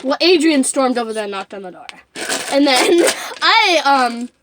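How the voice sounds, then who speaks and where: A woman's voice: high voice, expressive, normal speed, background noise. A young woman telling a rambling, giggly story in a casual vlog and cussing often.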